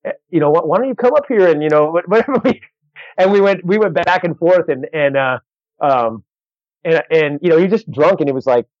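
Animated storytelling man, dry lo-fi sound. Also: fairly high pitch, no room sound. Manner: animated, quick restarts, acts out other voices. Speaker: stand-up comedian. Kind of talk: casual anecdote telling. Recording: dull lo-fi dry recording.

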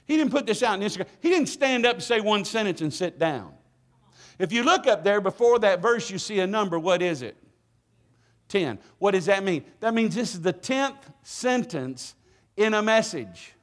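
A man's voice: sits high, very animated, moderate pace, fairly bright tone. A middle-aged man preaching a sermon in a church, joking and calling for responses from the congregation. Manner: playful, call-and-response with congregation. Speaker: guest preacher. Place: church sanctuary.

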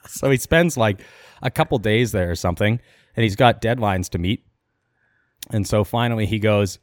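Low-voiced man telling a story, dry sound. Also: normal speed, no room sound. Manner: animated retelling, quoting characters in passing. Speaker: podcast co-host. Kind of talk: casual storytelling chat.

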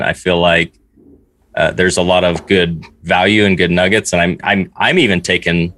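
Deep-voiced, hesitant man. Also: a bit bright, no echo. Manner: hesitant, repeats words as he starts. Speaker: podcast co-host. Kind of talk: casual chat.

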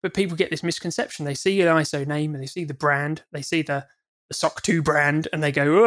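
A man's voice: fairly high pitch, steady tone, a little fast, fairly bright tone. A man, a former auditor, talking as a guest in a casual podcast discussion, earnest and often repeating his words as he starts sentences.

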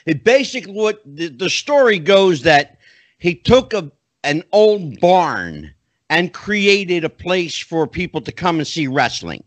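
Lively enthusiastic male interview host. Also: a little high, measured pace, dry recording. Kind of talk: casual interview.

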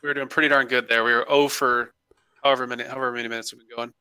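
A man co-hosting a casual podcast, talking quickly and joking around with his partner. His voice is bright and forward, recorded close and dry at a home microphone. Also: mid-range voice, clean tone, no echo. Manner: joking, animated banter. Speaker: podcast co-host reading listener emails. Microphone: home microphone on a remote call.

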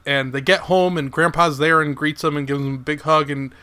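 A man's voice: on the high side, fairly even intonation, fairly quick, pushed and bright, smooth. A man in casual conversation, retelling a short joke. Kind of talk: casual chat.

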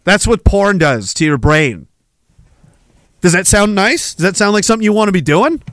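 A man with a fairly high voice delivers a heated, swearing rant as a podcast host. He sneers and mocks as he goes. The recording is close and dry, with no room sound. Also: big pitch swings, normal speed, fairly bright tone, no echo. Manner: heated, swearing, mocking and sarcastic. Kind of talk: profane ranting monologue.

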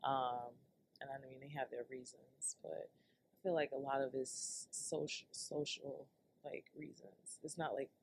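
A woman's voice: rumbling low, flat delivery, measured pace, vocal fry, a little hiss or hum. A woman hosting her own podcast, ranting casually and loosely to her listeners, laughing and swearing as she goes. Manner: loose, laughing, profane, talks straight to listeners. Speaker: podcast host. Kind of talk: casual solo rant.

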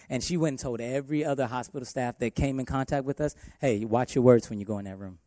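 Male worship pastor preaching, emphatic delivery, mellow tone, close dry sound. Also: mid-range voice, fast talker, no echo. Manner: emphatic preaching with shifting loudness. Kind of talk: sermon.

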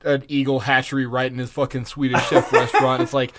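A man's voice: mid-range voice, level tone, fast, very noisy. Joking, foul-mouthed podcast man. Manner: joking, swears a lot, playful. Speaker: podcast co-host. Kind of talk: casual chat.

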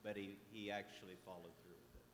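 Lower-voiced man in an echoey room. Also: level tone, quick pace, slight background noise. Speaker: Bible study participant. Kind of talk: casual group discussion. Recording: roomy echo with faint ambience.

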